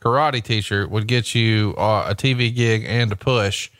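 A man's voice: fairly low pitch, fairly even intonation, unhurried, fairly bright tone, dry recording. A man hosting a podcast, adding wrestling commentary and dry, joking asides. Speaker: podcast host.

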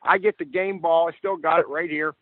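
Over a dry, tinny, phone-like connection with no room sound, an older guest football coach briskly spins lively football stories in a podcast chat. He often repeats his opening words when starting a thought, and his voice is fairly high for a man.

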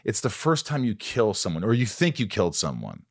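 Animated middle-aged male podcast host. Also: on the low side, no room sound. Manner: animated, laughs often, quick asides. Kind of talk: casual interview chat.

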